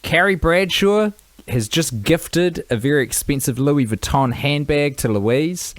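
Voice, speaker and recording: A man co-hosting a podcast, asking questions in an animated, jokey way. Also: a little high, unhurried, dry recording. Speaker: podcast co-host. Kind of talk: casual chat.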